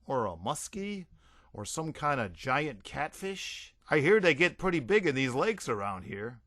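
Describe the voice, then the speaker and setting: A jumpy, sheepish rock musician, stammering excuses, voiced by the narrator. Bright, lively delivery in a dry close recording. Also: male voice, on the high side, a little slow, dry recording. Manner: excitable, stammering.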